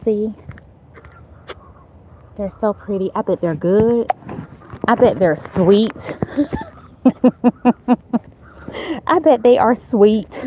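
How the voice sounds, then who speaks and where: Chatty woman host, unhurried, cheering viewers on from a walk, dull lo-fi phone sound. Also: medium pitch, dark tone, a little hiss or hum. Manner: chatty, talks straight to viewers, repeats herself; walking as she talks, upbeat and encouraging. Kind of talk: casual live-stream chat while walking. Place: outdoors on a neighborhood street. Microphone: phone held while walking.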